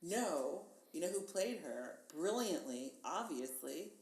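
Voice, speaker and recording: A woman's voice: fairly low pitch, expressive, slow, darkish tone. A woman guest in casual chat, enthusiastic and chatty, thinking aloud with fillers. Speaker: podcast guest. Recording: echoey room with faint hiss.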